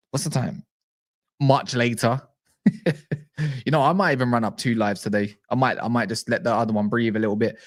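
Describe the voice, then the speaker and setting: A man hosting a football fan livestream, rambling excitably and interrupting himself in casual chat. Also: medium pitch. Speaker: football fan channel host.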